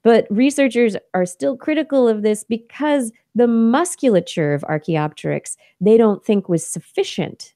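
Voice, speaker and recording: A woman co-hosting a science podcast talks through new research in a mellow, warm tone. She explains study details casually, with laughs and fillers along the way. Her voice sounds dry and close, with no room echo. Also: fairly high pitch, animated, moderate pace, hardly any pauses. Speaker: podcast co-host. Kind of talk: casual science news chat.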